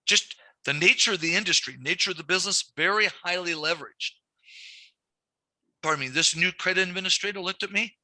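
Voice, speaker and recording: Guy teaching a small business lending class, really bright voice, dry close mic, repeats stuff a lot. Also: high voice, fairly quick, dry recording. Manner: animated storytelling, repeats key points. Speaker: banking instructor. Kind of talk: classroom lecture.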